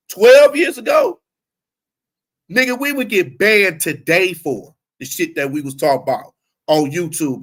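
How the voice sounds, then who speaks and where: A man with a fairly high voice rants with heat and plenty of swearing. He talks to his guest in a loose, casual way and keeps the pressure up as he goes. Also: a bit bright. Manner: heated, profane ranting. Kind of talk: casual podcast chat.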